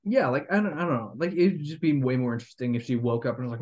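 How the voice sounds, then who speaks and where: Speaking quickly in a mid-range, slightly mellow voice, the young host critiques a film in loose podcast chat, rambling with many fillers and false starts.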